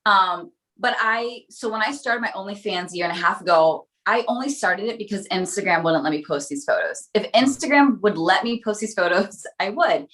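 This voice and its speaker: A woman in her late thirties, a podcast guest telling personal stories in a frank, animated way and laughing often. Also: medium pitch, moderate pace, few pauses. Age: late 30s. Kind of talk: candid conversational storytelling.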